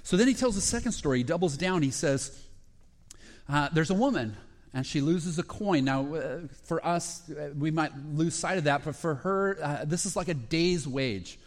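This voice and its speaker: A man preaching a sermon with a fairly high voice. He retells stories in short, broken phrases, often restarting and filling pauses, and lifts into excitement when a story peaks. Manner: speaks in short phrases with frequent fillers and restarts. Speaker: pastor.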